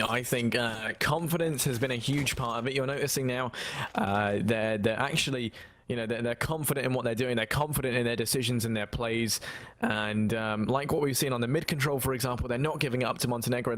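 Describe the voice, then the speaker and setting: Fast-talking male esports commentator. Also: mid-range voice, dry recording. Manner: quick, hedging with fillers, builds to excited play-by-play.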